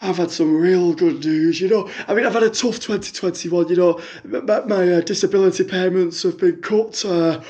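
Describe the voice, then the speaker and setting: A man's voice: sits high, steady tone, moderate pace, few pauses, darkish tone, voice pushed up, close to an everyday voice. A man voicing a brash, crude middle-aged woman calling in to a radio show, rambling and chatty.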